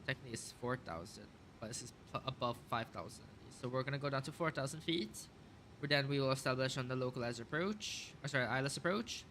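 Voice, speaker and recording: A man's voice: mid-range voice, animated, fast talker, a bit bright, a little hiss or hum. A man casually talking through a simulated airliner flight, calling out checklist items and thinking aloud with many fillers. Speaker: flight sim streamer. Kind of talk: casual flight sim commentary.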